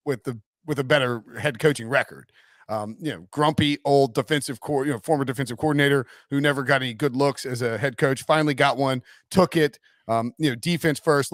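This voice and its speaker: A man hosting a casual sports podcast, chatty and quick to laugh as he talks. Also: mid-range voice, fairly bright tone, dry recording, clean studio sound. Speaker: podcast host.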